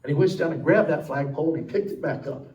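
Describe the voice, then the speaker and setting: Brief: male preacher, high-pitched, dramatic sermon storytelling, echoey and distant. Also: fast talker, dull audio. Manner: dramatic, swinging from loud, high and emphatic to low and hushed. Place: church sanctuary.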